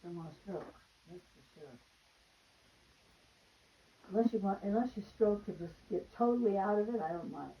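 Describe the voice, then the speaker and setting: Rambling older mom, dull lo-fi audio. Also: female voice, mid-range voice, animated, normal speed, long pauses, a little hiss or hum. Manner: rambling, repeats herself. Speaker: mother. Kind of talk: casual family chat. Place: home. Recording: dull lo-fi home recording.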